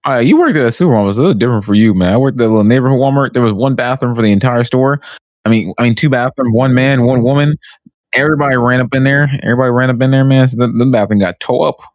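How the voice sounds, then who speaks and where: A man co-hosting a casual podcast, talking in quick slang, bragging about work he has done. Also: mid-range voice, no room sound, studio quality. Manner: fast slangy bragging, leans on "fam" and "bro". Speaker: podcast co-host. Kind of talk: casual argumentative chat.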